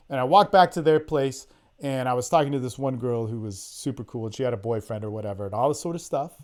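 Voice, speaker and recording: A man's voice: a little high, a little mellow. A man with a slightly raised voice tells a long story to his listeners on a recorded call. He is blunt and profane, leans hard on his points, and acts out what the other people in the story said. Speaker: podcast host, dating coach. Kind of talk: casual storytelling monologue.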